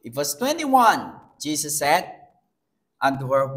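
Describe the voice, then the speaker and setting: Preaching in English that isn't his first language, a Vietnamese-accented male pastor speaks at a slow, emphatic pace. His pitch moves up and down with lively swings throughout the sermon.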